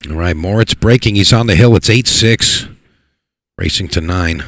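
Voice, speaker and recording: A man giving live play-by-play commentary on a pool match, excitable and repeating words for emphasis. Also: low voice, moderate pace, no echo, clean studio sound. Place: pool hall.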